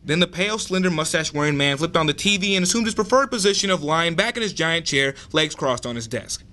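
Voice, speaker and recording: A man's voice: fairly high pitch, animated, fast, sharp tone. A young man reading his own dramatic story aloud at an open mic.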